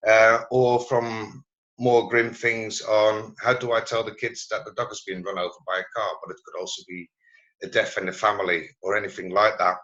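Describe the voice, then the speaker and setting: A man giving a presentation over a video call, halting and searching for his words as he goes. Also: fairly low pitch, flat delivery, a bit bright, dull audio. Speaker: presenter at a learning network meeting. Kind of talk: online meeting presentation.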